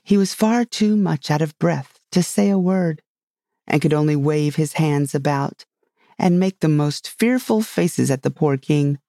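A man narrating a storybook at a steady, measured pace. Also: fairly high pitch, creaky, dry recording, clean studio sound. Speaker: audiobook narrator. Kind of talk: scripted narration.

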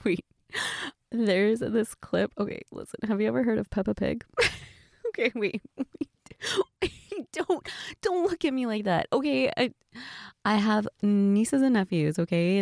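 Giggly woman chatting to a best friend in role-play, gravelly, unhurried, dry close sound. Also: mid-range voice, no room sound. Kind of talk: casual chat role-play to a listener.

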